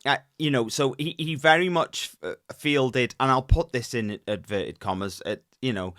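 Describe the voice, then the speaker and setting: A man co-hosting a casual football podcast, talking in halting runs, repeating words and filling pauses. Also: mid-range voice, fairly bright tone, dry recording, studio quality. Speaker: podcast co-host.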